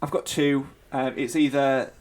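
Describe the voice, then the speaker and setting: A man co-hosting a casual podcast chat, animated and mocking, often breaking into shrill put-on voices. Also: a little slow. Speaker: podcast co-host.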